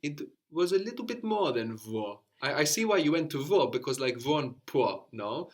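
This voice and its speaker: A man's voice: on the high side, big pitch swings, moderate pace. A man teaching a spoken language lesson, patiently guiding a student step by step and praising each answer. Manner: patient, encouraging, explains step by step.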